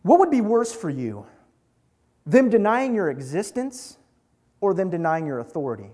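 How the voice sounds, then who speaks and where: Young male preacher, high and very animated voice, jokey and conversational with the crowd. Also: moderate pace. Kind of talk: casual sermon to a live group.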